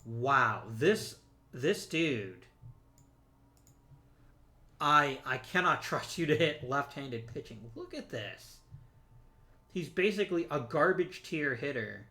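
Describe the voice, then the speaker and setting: Bright-voiced man chatting through a game. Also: mid-range voice, lively intonation, slow pace, pauses often. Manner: chatty and joking, talks to the viewers and to the players on screen. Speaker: let's play host. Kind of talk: casual gameplay commentary.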